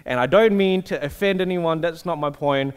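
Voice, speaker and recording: A man's voice: on the high side, moderate pace, clean tone. A man, preaching a casual sermon that tells stories and asks the audience questions. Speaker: pastor. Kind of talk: conversational sermon.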